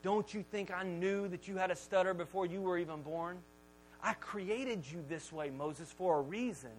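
Patient, commanding God, as a preacher voices him, unhurried and emphatic. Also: male voice, high-pitched, slight background noise, lightly acted. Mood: tender. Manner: slow, deliberate, emphatic.

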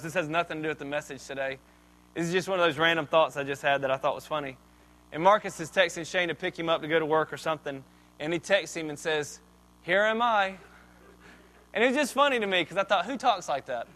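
A man's voice: sits high, bright, forceful tone. A man preaching a sermon as a pastor, reading scripture and explaining it in a conversational way with joking asides.

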